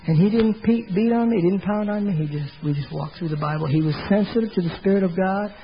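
High-voiced man telling his testimony. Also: quick pace, lo-fi sound, slight background noise. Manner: folksy storytelling, acting out the voices of others. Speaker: former door-to-door salesman giving testimony. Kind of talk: personal testimony told to a congregation.

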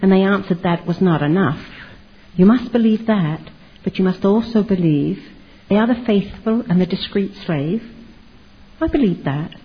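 A woman's voice: medium pitch, animated, moderate pace, husky. An older woman giving a candid, rambling personal testimony, full of restarts, recorded on dull lo-fi audio. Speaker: former Jehovah's Witness giving testimony.

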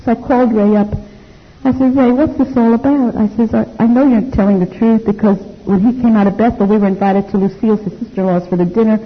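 An older woman giving a personal testimony to an audience, animated and acting out the dialogue she recalls. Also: medium pitch, quick pace, slightly rough. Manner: animated storytelling, acts out quoted dialogue. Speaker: speaker telling her life story to an audience. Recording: dull lo-fi recording.

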